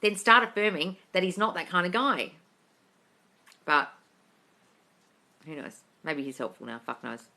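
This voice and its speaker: A young woman hosting a casual live Q&A from her phone, animated and blunt and swearing freely as she reads out viewer comments. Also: fairly low pitch, a little slow, gravelly, pauses often. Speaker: manifesting coach hosting a live Q&A. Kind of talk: casual livestream chat reading viewer comments. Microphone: phone mic on a social media live stream.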